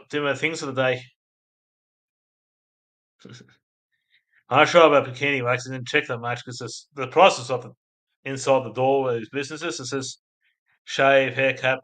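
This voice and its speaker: An Australian man on a live stream speaks with a fairly bright, medium-pitched voice, flat delivery and moderate pace, pausing often. Reading viewer comments in casual chat, he drifts between topics and laughs a lot at his own crude jokes.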